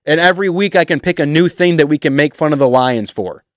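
A man delivering a heated, emotional sports rant to his viewers, animated and sarcastic. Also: on the high side, fast talker, no room sound, studio quality. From Detroit area. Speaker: sports fan vlogger. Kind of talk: ranting sports commentary.

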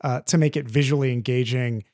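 A man co-hosting a film podcast in casual chat, animated and rambling, swearing freely. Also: medium pitch, fairly quick. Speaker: podcast co-host reviewing films.

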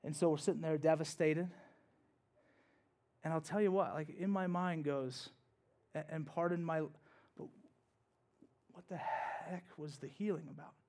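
Higher-voiced man preaching a personal story. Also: fairly even intonation, measured pace, long pauses. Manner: conversational, building from hushed to loud and emphatic. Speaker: pastor. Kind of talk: sermon told as a personal story. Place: church.

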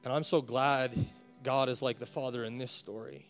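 A man's voice: medium pitch, steady tone, normal speed, a bit bright, soft background music. A male pastor preaching a sermon with rising passion, repeating words as he builds his point. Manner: impassioned, rising to emphatic preaching.

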